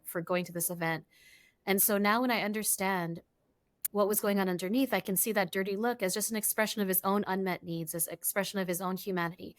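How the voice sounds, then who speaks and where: A woman guest in an interview, explaining ideas and telling stories in a reflective way. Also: medium pitch. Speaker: guest, relationship coach. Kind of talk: interview answers.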